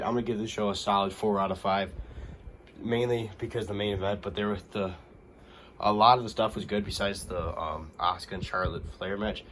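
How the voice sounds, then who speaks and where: A man hosting a wrestling vlog, recapping a show in a rambling, excitable way full of ums and likes. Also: on the low side, slight background noise. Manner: rambling, filler-heavy, excitable.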